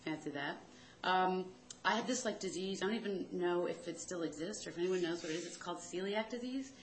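A woman's voice: on the low side, a little fast, echoey room, slight background noise, low-quality recording. A woman telling a rambling, self-deprecating comic story about her family in a chatty way.

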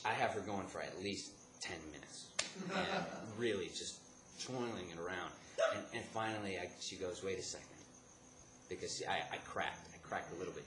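A man from the Chicago area telling a comic story, animated, jumping between laughing outbursts and hushed asides. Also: deep voice, normal speed. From Chicago area, United States. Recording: echoey room with background noise.

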